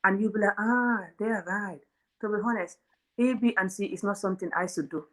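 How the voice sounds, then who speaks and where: Bright, animated woman talking bluntly. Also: medium pitch, fast. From Africa. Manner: animated, laughing, blunt and outspoken. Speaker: host. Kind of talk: comedic relationship talk.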